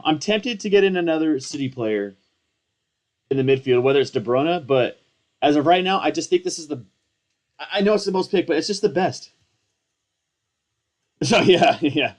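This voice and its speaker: Young dude rambling, all caffeinated and hyped, slangy, roasts himself a lot, normal mid voice. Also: male voice, mid-range voice. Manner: excitable, rambling, slangy, self-mocking. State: hyped up on coffee. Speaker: fantasy football content creator. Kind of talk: casual live commentary.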